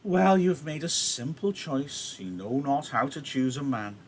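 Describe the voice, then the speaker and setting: A man's voice: on the high side, big pitch swings, a bit bright, a little hiss or hum, voice pushed up. A man doing a teasing, rambling old nurse. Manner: slow and rambling. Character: teasing old nurse, a woman, fussing and complaining.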